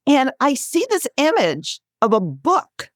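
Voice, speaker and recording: A woman in her sixties, a guest author and speaker, telling stories in an interview with lively, laughing delivery. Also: slow pace, no room sound, studio quality. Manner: animated, acts out quotes with bright pitch jumps, laughs often. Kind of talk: conversational storytelling.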